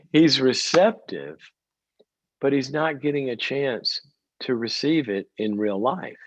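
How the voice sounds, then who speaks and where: A man's voice: measured pace, no room sound. Direct man coaching a caller. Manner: direct, coaching, acts out parents and kids with sudden high bursts. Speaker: call-in show host, psychologist. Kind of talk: advice call-in show.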